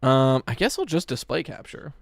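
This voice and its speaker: A man chatting casually on a live stream, reacting to a game trailer in an animated, excitable way and swearing casually as he talks to his chat. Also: mid-range voice, moderate pace, gravelly, a little hiss or hum.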